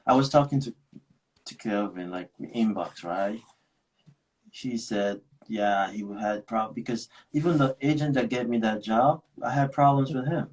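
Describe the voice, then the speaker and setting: Animated man telling stories casually. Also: medium pitch, a little slow, rough recording. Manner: animated storytelling, switches into Korean. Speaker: host. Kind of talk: casual live chat.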